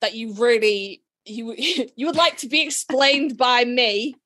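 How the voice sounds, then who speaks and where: A woman with a Yorkshire accent co-hosting a casual podcast, blunt and quick to swear, laughing often. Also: fairly high pitch, pushed and bright, no echo. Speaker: podcast co-host.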